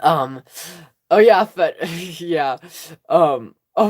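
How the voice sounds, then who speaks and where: A woman's voice: low voice, animated, very slow, long pauses. A woman hosting a casual fan livestream, rambling and giggling often with frequent laughs and an occasional cough. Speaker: livestream host.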